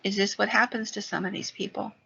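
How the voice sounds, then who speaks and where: A woman's voice: medium pitch, fairly even intonation, fairly quick, creaky, sharp tone, slightly rough, exaggerated voice. A woman voicing a frightened mother who fled the woods, in an urgent, breathless telling. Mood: scared. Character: frantic mother fleeing the woods. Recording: dull lo-fi sound.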